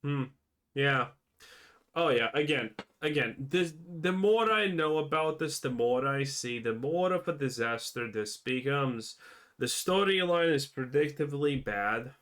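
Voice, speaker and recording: A man's voice: mid-range voice, expressive, a little slow, fairly bright tone. A man adding sarcastic, mocking reaction commentary with a dismissive tone.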